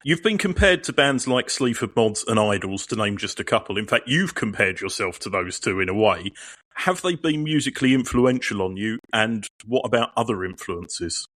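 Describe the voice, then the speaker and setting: A male podcast interviewer asking measured, prepared questions. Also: lowish voice, animated, fairly bright tone, dry recording.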